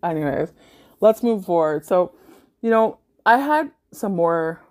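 A young Canadian woman hosts a podcast, casually telling party stories in a monologue, swearing freely and laughing often. Her voice is lowish, animated, a little slow, and a little mellow.

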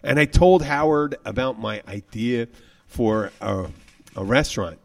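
A man's voice: medium pitch, a little slow, vocal fry. A man co-hosting a radio show, telling a long rambling story in casual on-air chat and acting out the quotes. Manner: rambling, animated, acts out quotes.

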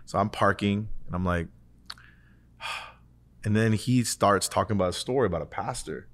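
A man with a fairly low voice talks casually on a faith podcast. He tells his story earnestly, rambling and restarting often, with "like" scattered through his sentences. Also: normal speed, fairly bright tone. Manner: earnest, rambling, heavy use of "like". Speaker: podcast co-host.

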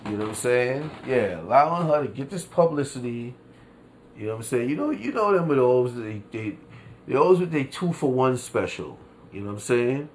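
Fairly quick and medium-pitched, this podcast host rants casually on his own show, packing his talk with New York street slang, free swearing and frequent laughter. His delivery is animated, and there is slight background noise.

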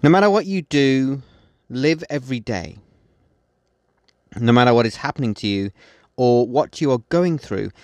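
A man hosting a podcast, reading his poems in a measured way and speaking his closing words with many hesitations. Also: mid-range voice, no room sound. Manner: measured recitation, then halting unscripted outro with many fillers. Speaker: poet and podcast host. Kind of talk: poetry reading.

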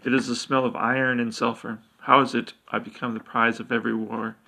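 A man reading as a solemn, gravelly elf seer. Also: mid-range voice, level tone, fairly quick, sharp tone. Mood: brooding. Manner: solemn, brooding.

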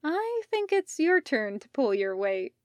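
Woman doing a drunk young musician guy, slurry and sloppy, slow and dry. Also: sits high, big pitch swings, darkish tone, no echo, pitched above the performer's own voice. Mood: teasing. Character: young man, tipsy carefree musician.

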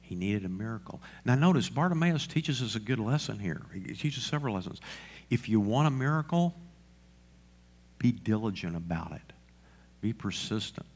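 A man's voice: lowish voice, animated, normal speed, breathy edge. A male pastor preaching a sermon, asking the congregation questions and repeating lines for emphasis.

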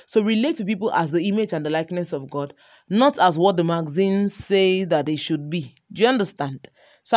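A woman's voice: lowish voice, darkish tone. Chatty woman relationship coach. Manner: chatty, keeps checking in with listener. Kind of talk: informal recorded course talk.

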